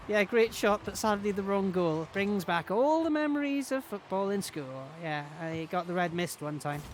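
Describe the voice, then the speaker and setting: A man's voice: high-pitched, sing-song, normal speed, a little hiss or hum. A man chatting in a rambling, self-mocking way while commentating his own gameplay on a stream. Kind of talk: casual game-stream commentary.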